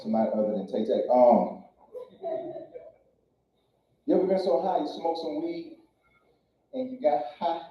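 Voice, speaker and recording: Profane comedian in a distant echoey club. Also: male voice, a little high, lively intonation, moderate pace, long pauses, a little hiss or hum. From Louisiana. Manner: loose, profane storytelling with crowd questions. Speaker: stand-up comedian. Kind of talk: stand-up comedy set. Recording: echoey club from far off, dull sound.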